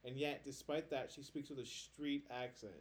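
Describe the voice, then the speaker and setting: A man in casual podcast chat at a middle pitch, reading posts aloud and then riffing on them. His talk is loose and rambling, with filler "like" scattered through it. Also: steady tone, moderate pace. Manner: loose, chatty, leans on filler "like". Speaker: podcast co-host.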